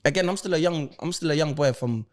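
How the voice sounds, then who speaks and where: A man's voice: on the high side, quick pace. A man from East London with an East London accent, a guest on a podcast telling his stories with heavy slang and acting out the people in them. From East London, England. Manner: animated storyteller, heavy London slang, acts out quoted voices. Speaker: interview guest, former footballer and rapper. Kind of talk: casual podcast storytelling.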